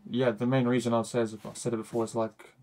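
A young man co-hosting a casual TV review chat, hesitant and halting, often filling gaps with uhs. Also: medium pitch, level tone, warm tone. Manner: hesitant, full of uhs, trails off. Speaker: co-host of a TV review channel.

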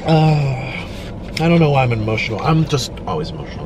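A man's voice: mid-range voice, sing-song, a little fast, lo-fi sound, noisy background. A man talking emotionally and at length while eating on camera, rambling and filling his speech with "like". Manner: rambling and emotional, heavy use of "like". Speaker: mukbang video creator.

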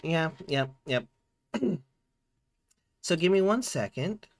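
Guy streaming a game, kinda high voice that jumps all over, chatty and fumbly. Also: slow pace. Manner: chatty, fumbling with settings, lively ups and downs. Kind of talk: casual live-stream chat while gaming.

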